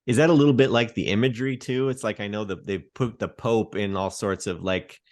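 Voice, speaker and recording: A man's voice: on the low side, fairly even intonation, a little fast, a little mellow. A man co-hosting a podcast, chatting casually and asking questions. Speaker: podcast co-host. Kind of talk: casual chat.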